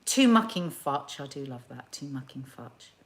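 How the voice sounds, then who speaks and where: Hosting a live stream, a woman with a rumbling low, sing-song voice speaks at a moderate pace. Her casual chat includes reading viewer comments aloud in a playful, over-the-top way.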